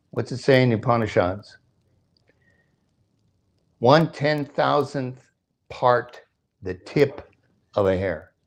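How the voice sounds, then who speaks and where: A man's voice: mid-range voice, darkish tone. An older man giving a sermon at a temple, explaining scripture, chanting verses and asking his listeners questions, with a joke and a chuckle now and then. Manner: jokes, chuckles between points. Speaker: temple speaker.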